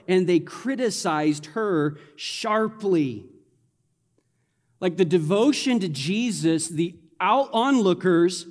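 Male pastor, high voice, sermon, animated and conversational, church sanctuary, long hall reverb. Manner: animated, conversational preaching with playful asides.

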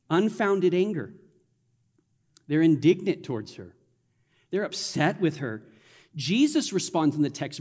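A man with a fairly high voice preaches to his congregation, with a loose, conversational delivery and playful asides. His voice rings out with a long reverb from the church hall. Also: a little mellow. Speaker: pastor. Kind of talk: sermon. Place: church sanctuary.

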